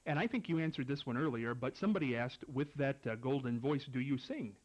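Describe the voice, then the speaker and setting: A man hosting an interview show, friendly and a bit halting as he asks questions. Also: medium pitch, lo-fi sound. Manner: friendly, hesitant with fillers. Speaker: host. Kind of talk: casual interview.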